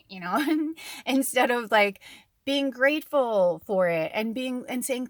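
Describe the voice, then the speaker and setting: A woman's voice: mid-range voice, lively intonation, moderate pace, no echo, studio quality. Chatty woman giving spiritual guidance. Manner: rambling and chatty, many fillers. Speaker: tarot reader and spiritual medium. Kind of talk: casual spiritual talk to viewers.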